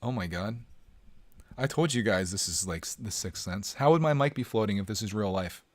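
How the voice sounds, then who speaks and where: A man's voice: on the low side, expressive, normal speed, no room sound. A man hosting a casual live stream from home, joking around and chatting with his viewers.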